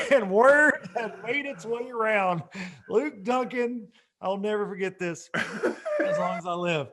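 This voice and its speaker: A man's voice: high voice, sing-song, slow pace, fairly bright tone. A man, co-hosting a podcast and telling a story in casual chat, laughing often as he rambles. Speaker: podcast co-host.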